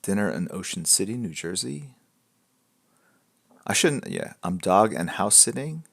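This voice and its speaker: Artist host on a live stream, a man with a low, creaky voice; easygoing, chatty, trails off into soft mumbles. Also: very animated, a little slow. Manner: laid-back, rambling, reads out and answers viewer questions. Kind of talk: casual chat with viewers while drawing.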